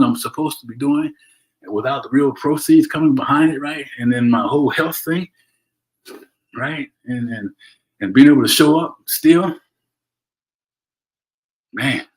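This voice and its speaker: A middle-aged man hosts a solo motivational livestream from home, his mid-range voice captured on poor audio. He's earnest and preachy, repeatedly tacking "right?" onto his points and restarting sentences.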